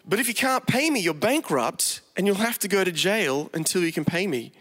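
Firm, apologetic storybook father played by a male preacher, animated delivery, reverberant hall. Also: high voice, moderate pace. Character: stern but sorry father playing a board game.

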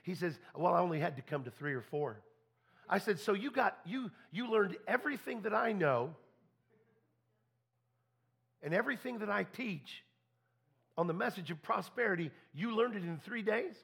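A preacher, a man with a high voice that is gravelly and husky at once. He tells his story in a folksy way, stumbling over restarts and acting out both sides of every conversation in church. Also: animated, moderate pace, long pauses, a bit bright. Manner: folksy, repeats and restarts, quotes people in dialogue. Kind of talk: storytelling sermon.

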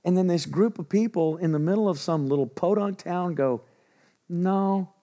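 A man preaching a sermon in a folksy, animated storytelling way with asides and acted quotes. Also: sits high, a little fast. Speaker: pastor. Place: church in Texas.

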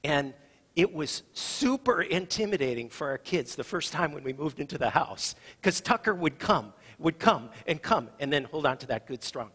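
A middle-aged man preaching a sermon as pastor, telling a story and moving between loud and soft delivery. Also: on the high side, animated, normal speed, husky, in a large hall.

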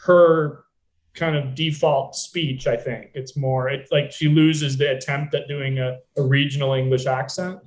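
American guy rambling about a movie, kinda high voice, roomy echo. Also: fairly even intonation, a little slow, a little hiss or hum. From United States. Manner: chatty, loose, many fillers and asides. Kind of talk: casual film discussion.

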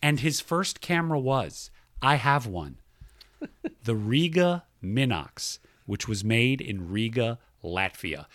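Upbeat, lively-voiced male podcast host. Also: mid-range voice, takes it slowly, dry recording. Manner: enthusiastic, reads listener mail aloud. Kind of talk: casual chat.

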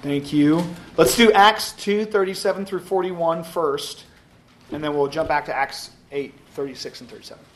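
A man's voice: fairly high pitch, moderate pace. A man teaching a Sunday school class, upbeat and joking as he calls on readers. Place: church classroom.

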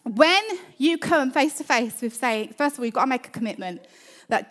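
A woman's voice: high voice, lively intonation, moderate pace, fairly bright tone. A woman preaching a sermon in church, emphatic, repeating her phrases and calling for an amen.

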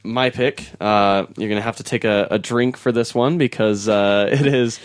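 Relaxed man hosting a comics chat. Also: fairly low pitch, normal speed, clear, resonant tone. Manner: laid-back, laughs often, trails off with fillers. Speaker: podcast host. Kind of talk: casual chat about comics.

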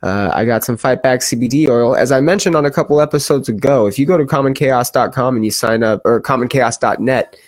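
A man's voice: mid-range voice, fairly quick, few pauses, no room sound. A young adult man hosting a podcast, chatting casually and reading a sponsor spot in a rambling, joking, profane way. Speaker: podcast host.

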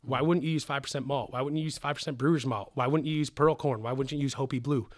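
A man who founded a distillery, telling stories in a casual interview, animated, swearing casually and getting emotional. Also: mid-range voice, fast. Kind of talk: casual storytelling in a podcast interview.

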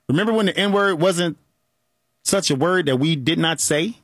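A man's voice: on the high side, unhurried, no echo, studio quality. A man, hosting a call-in talk show and joking and laughing as he talks. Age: 40s. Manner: animated, joking, laughs often. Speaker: radio show host.

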